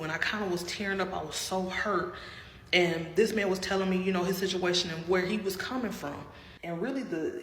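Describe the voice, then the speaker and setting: A woman telling a personal story in a casual, dramatic way, often calling out to her viewers. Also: on the low side. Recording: roomy with long reverb and faint noise.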